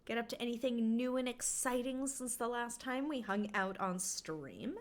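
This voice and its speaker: A woman's voice: fairly high pitch, normal speed. A woman from Canada chatting casually to her stream viewers, rambling with lots of filler words.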